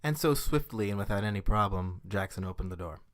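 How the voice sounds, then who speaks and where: Man, low voice, wry brisk comic narration. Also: animated. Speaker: improv storyteller. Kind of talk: improvised comedic storytelling.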